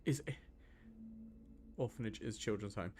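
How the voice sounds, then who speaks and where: A man's voice: fairly low pitch, slow, darkish tone, slight background noise. A young man from Scotland giving loose, rambling gameplay commentary and answering chat questions, with plenty of ums and restarts. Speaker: gaming video host.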